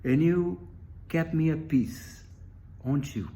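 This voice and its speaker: A man voicing a tiny, kind and determined old grandmother spider with a small squeaky voice in a told story. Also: slow, warm tone. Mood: firm.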